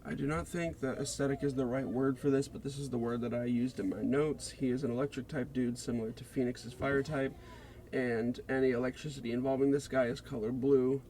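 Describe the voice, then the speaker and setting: A man reading out a scripted, deliberate presentation of a character concept for a game. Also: medium pitch, steady tone, mellow, a little hiss or hum. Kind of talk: read-aloud character pitch.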